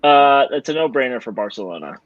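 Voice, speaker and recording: A man's voice: medium pitch, lively intonation, a little fast, no echo. Teasing man over dull lo-fi audio. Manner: dry, teasing. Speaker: podcast co-host. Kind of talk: casual chat.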